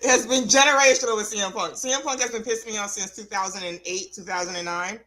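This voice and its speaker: A woman's voice: medium pitch, quick pace, pushed and bright, slight background noise. A woman co-hosting a casual wrestling podcast, laughing often and teasing her co-host.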